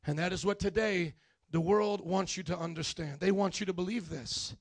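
High-voiced fervent male preacher. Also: moderate pace. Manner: fervent, call-and-response, swings from shouting to hushed. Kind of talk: sermon.

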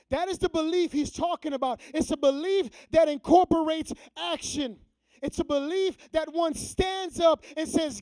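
A man preaching a sermon to a youth group, mixing slangy everyday talk with scripture and dropping to a hushed, prayerful tone. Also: extremely high pitch, a little slow, no room sound, poor audio. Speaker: youth pastor.

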